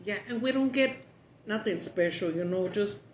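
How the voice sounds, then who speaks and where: Here the woman eating on camera for her mukbang channel speaks at medium pitch and moderate pace. She chats casually, slipping into Spanish now and then, against an echoey, noisy room.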